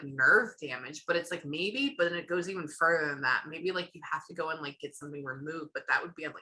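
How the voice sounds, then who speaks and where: A woman's voice: deep voice, bright, forceful tone. A woman working as a psychic medium, chatting through a reading and acting out what she hears, on camera. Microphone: camera or video call.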